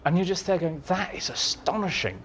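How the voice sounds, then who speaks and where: A man telling lively anecdotes as an interview guest, acting out the dialogue in his stories, in a meeting room with an audience. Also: high voice, fairly quick, a little hiss or hum. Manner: animated storyteller, acts out dialogue. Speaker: interviewee, writer.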